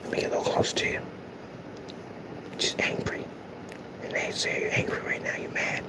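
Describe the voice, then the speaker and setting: A man doing a whispered role-play as a mock ASMR host, slowly and breathily soothing angry trolls in a teasing way. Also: close to an everyday voice, low-quality recording. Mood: mocking calm.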